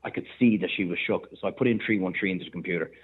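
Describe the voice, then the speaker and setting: Fast-talking Irish man on a phone line. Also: sits low, husky. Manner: animated anecdotes, quick bursts of laughter. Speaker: TV chef and restaurateur, guest. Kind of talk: casual storytelling on a phone-in.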